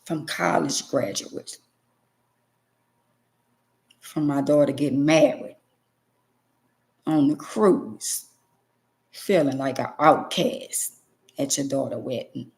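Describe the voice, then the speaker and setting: A woman's voice: a bass voice, slow pace, vocal fry, pauses often, darkish tone. A middle-aged woman vlogger giving an emotional personal testimony to her viewers, emphatic and preachy, repeating phrases for stress.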